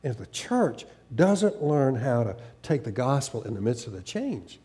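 Preaching in a sincere, stop-and-start style with frequent restarts and repeated words, a male pastor from the American South carries only a faded trace of his accent. He sounds medium-pitched, dark-toned and very animated, with the occasional laugh breaking through.

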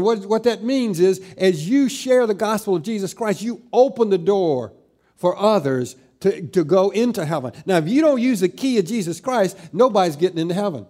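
A middle-aged man preaches a sermon as a pastor. His voice sits a little high for a man. He slows down and lifts his pitch and volume when he drives a scripture point home. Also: expressive, dark tone.

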